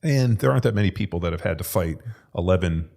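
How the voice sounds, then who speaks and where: A man, a podcast co-host and former football lineman, telling a story in casual chat, profane and animated. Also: low voice, quick pace, vocal fry.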